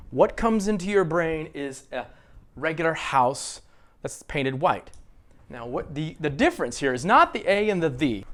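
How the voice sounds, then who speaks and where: Casting: American male ESL teacher, a bit higher voice, patient and questioning. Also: fairly bright tone. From United States. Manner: explains slowly, asks questions, has students repeat phrases. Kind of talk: spoken English lesson.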